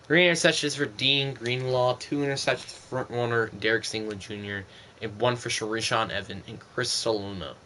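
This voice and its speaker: A man's voice: medium pitch, steady tone, fairly quick, bright, forceful tone, slight background noise. A young man streaming a football video game, giving casual gameplay commentary in an exasperated, ranting way.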